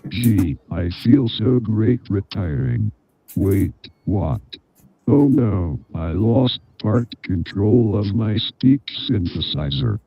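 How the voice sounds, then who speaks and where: A man's voice: lowish voice, sing-song, breathy edge, exaggerated voice. A speech synth as a weary old man. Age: older. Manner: slow, weary. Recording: dull lo-fi audio.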